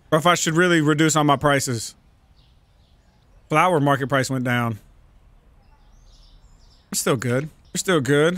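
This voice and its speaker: A man's voice: a little high, pushed and bright, dry recording. A man giving casual, profane let's-play commentary, joking and bantering with the shoppers in a store game. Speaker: gaming channel host.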